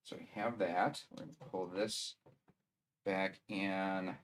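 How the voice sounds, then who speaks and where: A man's voice: low-pitched, steady tone, slow pace. A man with a Wisconsin accent chatting casually on a live stream, rambling and thinking aloud as he assembles a 3D printer.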